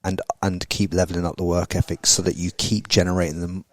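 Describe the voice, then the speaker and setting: A man's voice: low-pitched, level tone, a little fast, no echo. A man hosting a podcast interview, speaking with intense, motivational drive and casual swearing. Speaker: podcast host.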